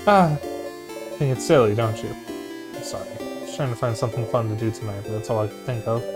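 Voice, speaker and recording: A man voicing a cheerful, gentle young woman friend in a video game, eager and then shy and apologetic, with game music behind. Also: mid-range voice, fast, lightly acted. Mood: sheepish.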